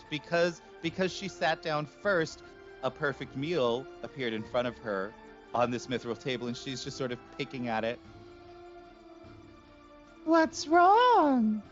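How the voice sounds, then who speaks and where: Man, game master, slow narration, fillers, muffled stream audio, faint background music. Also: medium pitch, a bit bright. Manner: unhurried, with fillers and laughs.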